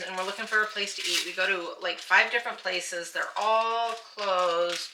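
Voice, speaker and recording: Casual host, woman; animated storyteller heard from across an echoey, noisy room. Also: lowish voice. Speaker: channel host. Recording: roomy, distant and noisy.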